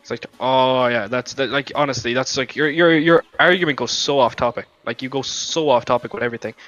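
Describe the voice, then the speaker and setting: Bright, argumentative young gamer guy. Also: medium pitch, brisk, no room sound. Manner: argumentative, swearing, rambling. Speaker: gamer in voice chat. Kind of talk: heated voice chat argument. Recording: lo-fi voice chat mic with faint music.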